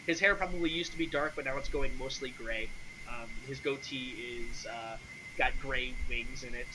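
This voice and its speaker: A man narrating a tabletop game as game master in a relaxed way, with frequent ums and uhs. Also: mid-range voice, moderate pace, noisy background. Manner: relaxed, many fillers.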